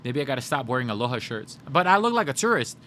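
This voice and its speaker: A man's voice: medium pitch, very animated, fast talker, sharp tone, slight background noise. A male game streamer in casual livestream chat, joking and chatty as he reads chat aloud.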